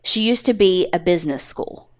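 A woman's voice: fairly low pitch, lively intonation, moderate pace. A woman co-hosting a podcast, telling a story in a casual, chatty way, swearing freely and acting out the quotes. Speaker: podcast co-host.

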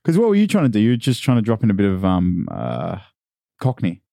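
A man's voice: lowish voice, huge pitch swings, brisk, creaky, dark tone, no echo, clean studio sound. A young Australian man chatting casually on a podcast, who likes slipping into put-on posh voices while telling stories. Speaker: podcast guest. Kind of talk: casual chat.

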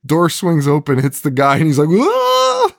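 A man recapping a horror movie in casual podcast chat, animated and profane, laughing often as he retells scenes. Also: on the high side, no room sound, clean studio sound. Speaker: podcast co-host.

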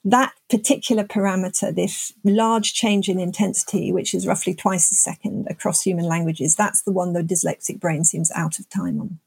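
A woman's voice: lowish voice, fairly even intonation, normal speed, gravelly, few pauses, a little mellow, breathy edge, no echo. An older woman, a scientist guest, explaining her research thoughtfully in an interview. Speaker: neuroscientist guest.

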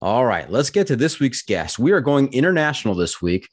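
A man's voice: mid-range voice, very animated, a little fast, breathy edge. A man hosting a casual podcast interview, easygoing and joking dryly with his guest. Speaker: podcast host.

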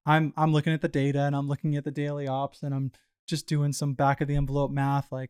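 A man's voice: fairly high pitch, quick pace, smooth. A man guest on a business interview show, talking casually with lots of fillers and restarts. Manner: relaxed, filler-heavy, frequent restarts and "you know". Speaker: startup founder guest. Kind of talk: casual storytelling conversation.

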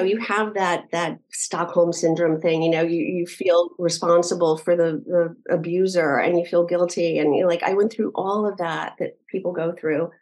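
A middle-aged woman speaks as an interview guest, her voice sitting on the low side for a woman. She retells events earnestly and in detail, often restarting her sentences as she goes. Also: a little mellow, rough recording. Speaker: podcast guest. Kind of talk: personal storytelling interview.

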